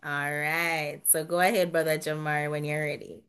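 A woman's voice: low voice, level tone, normal speed, a bit bright, smooth. A woman hosting a casual quiz over a video call, chatty, laughing often and restarting her sentences. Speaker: quiz host at an online church gathering.

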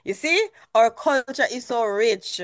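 A woman's voice: fairly high pitch, animated, unhurried, a bit bright, dry recording, clean studio sound. A woman leading an online church meeting over a video call, calling on people by name and giving directions.

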